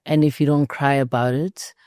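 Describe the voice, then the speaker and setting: A South African woman with a deep, low voice talks in an earnest, reflective way. Her tone is close and dry, like casual podcast chat. She sounds like a guest speaking thoughtfully. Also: little pitch movement, moderate pace, darkish tone, no echo. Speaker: guest, actress and mother. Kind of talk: casual conversation.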